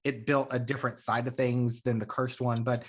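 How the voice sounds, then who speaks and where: A man's voice: medium pitch, moderate pace, husky. A man hosting a podcast, telling a rambling story in casual chat, often swearing. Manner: rambling, profane, excitable storytelling. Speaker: podcast host.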